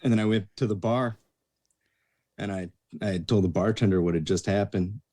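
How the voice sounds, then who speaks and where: Speaking at a moderate pace in a fairly low voice, a bouncer and bartender shares casual stories on a podcast. He tells them with lively energy, performing the voices of the characters he quotes.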